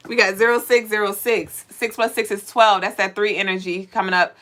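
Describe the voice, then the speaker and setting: A woman's voice: medium pitch, level tone, a little fast, hardly any pauses, heavy background noise. A woman hosting a live spiritual card reading, talking bluntly and preachily and swearing now and then. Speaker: spiritual reader.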